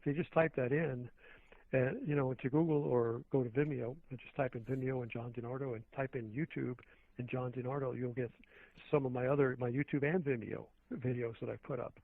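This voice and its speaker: A man's voice: medium pitch, fairly even intonation, brisk, creaky. A man, a radio show guest, talking earnestly and at length, with many restarts, over a phone line. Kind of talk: phone-in talk radio conversation. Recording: tinny phone line, dry.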